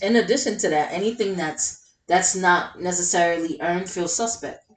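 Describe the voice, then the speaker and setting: A woman's voice: on the low side, normal speed, recorded from a distance. A woman co-hosting a podcast in casual chat, frank and opinionated, swearing as she talks. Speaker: podcast co-host. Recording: roomy, a bit off-mic.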